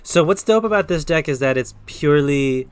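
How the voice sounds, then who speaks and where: A man's voice: on the high side, animated, moderate pace, smooth, soft background music. A man giving a casual tarot reading on a live stream, chatting loosely and directly with his viewers. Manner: chatty, talks straight to chat viewers, loose and upbeat.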